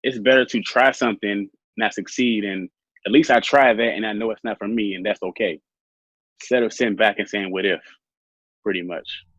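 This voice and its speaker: Man, interview guest, low voice, halting, many fillers, muffled dry sound. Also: fairly even intonation, a bit bright, breathy edge, no echo. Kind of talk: personal story in an interview.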